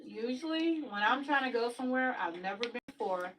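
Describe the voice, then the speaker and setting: A woman's voice: on the high side, lively intonation, a little fast, fairly bright tone, a little hiss or hum, low-quality recording. A woman guest in a casual chat, telling homey stories in a chatty way. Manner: chatty and storytelling, homey expressions.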